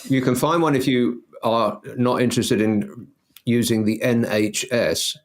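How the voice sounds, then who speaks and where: A middle-aged man hosting a casual podcast chat, joking in a dry, deadpan way. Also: mid-range voice, a little slow. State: has toothache. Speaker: podcast host.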